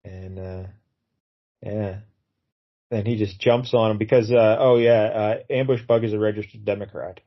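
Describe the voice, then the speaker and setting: A man's voice: fairly low pitch, normal speed, highs cut off. A man casually retelling a comic book story as a podcast co-host, acting out the characters' lines in funny voices. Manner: animated, acts out quotes in funny voices.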